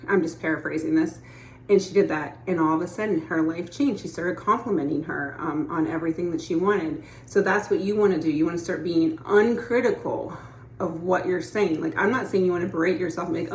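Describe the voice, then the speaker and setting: Low-voiced woman coaching in a roomy space. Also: brisk, a little hiss or hum. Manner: chatty and encouraging, often checking in with the listener. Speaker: manifestation coach. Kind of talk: casual teaching monologue.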